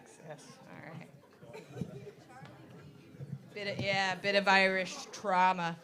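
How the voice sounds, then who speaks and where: Woman mc on a comedy stage, dry teasing, crowd loud behind her. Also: mid-range voice, flat delivery, takes it slowly. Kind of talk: introducing acts. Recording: live room with crowd noise. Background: audience.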